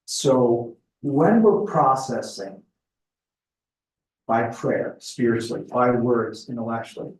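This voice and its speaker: A middle-aged man speaking at a spiritual retreat in a conversational, thoughtful way, often pausing with fillers. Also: mid-range voice, animated, a little mellow. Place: retreat house meeting room. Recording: echoey room, voice picked up from a distance.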